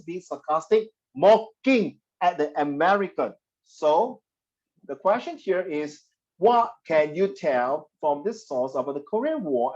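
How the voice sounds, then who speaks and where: A man teaching a history class, animated and teasing, slipping Mandarin phrases into his English. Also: a little high, lo-fi sound. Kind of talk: classroom lecture.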